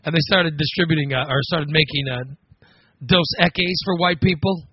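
A middle-aged American man hosting a casual comedy podcast, rambling and sarcastic, now and then breaking into loud mocking voices. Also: a little high, normal speed, breathy edge, dull audio. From United States. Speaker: podcast host.

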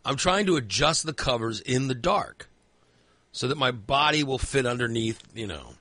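A man's voice: mid-range voice, animated, normal speed, bright, forceful tone, no echo. A man rambling through a long personal story in casual chat, swearing freely and filling in with lots of asides.

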